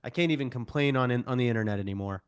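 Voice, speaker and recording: A man's voice: medium pitch, rapid-fire, clear, resonant tone. A man in his thirties, a podcast guest, talking casually and animatedly, acting out the voices of people in his stories with self-deprecating humor. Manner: animated, self-deprecating storyteller who acts out quoted voices. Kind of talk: podcast interview.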